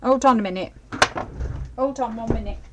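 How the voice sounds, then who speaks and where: A woman's voice: a little high, moderate pace, background noise. A middle-aged woman giving a live craft demonstration, chatty and apologetic, often checking that viewers can see.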